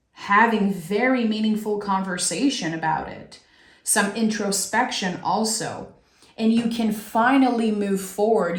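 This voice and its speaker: A woman's voice: mid-range voice, roomy sound. A woman with a French accent, a native French speaker, giving a soulful tarot reading in a reflective, giggly way with many restarts. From France. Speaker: tarot reader.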